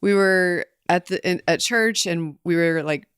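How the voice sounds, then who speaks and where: A woman co-hosting a podcast, talking in a reflective, halting way with many restarts. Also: on the low side, clean tone, no room sound, studio quality. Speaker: podcast co-host. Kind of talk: casual conversation.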